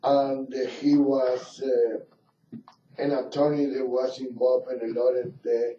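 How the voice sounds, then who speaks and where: Slow, rambling male radio host. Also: mid-range voice, flat delivery, dark tone. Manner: rambling, halting, full of filler pauses. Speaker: radio talk show host. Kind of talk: casual radio talk. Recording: roomy lo-fi radio studio mic from a distance.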